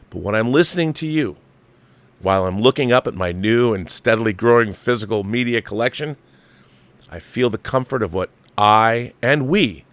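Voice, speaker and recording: Low-voiced man reading viewer mail. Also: a bit bright, no echo. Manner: reads letters aloud with asides and interjections. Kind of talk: casual chat.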